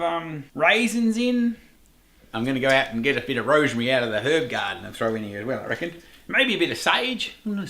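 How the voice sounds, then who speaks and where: A man's voice: fairly high pitch, bright, forceful tone, reverberant. A middle-aged Australian man hosting a home cooking show, chatting casually to camera, rambling, laughing at himself and swearing lightly.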